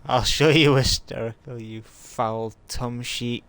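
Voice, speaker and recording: A man's voice: mid-range voice, steady tone, slow pace, fairly bright tone, clear, resonant tone, no echo. A man reading a furious grieving woman scientist. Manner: reads the lines plainly, without a put-on voice. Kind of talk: live-streamed story reading.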